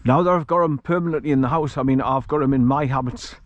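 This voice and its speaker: Here a mid-range male voice comes through dull with a little hiss or hum, and he speaks quickly. It's a casual walk-and-talk: a vlogger out with his dog on a countryside track, chuckling frequently and rambling, recorded on an action camera carried along the way.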